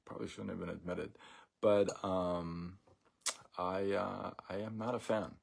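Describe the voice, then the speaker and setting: A man hosting a casual live stream, talking in a relaxed, rambling way with many fillers and restarts. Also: sits low, a little slow, vocal fry.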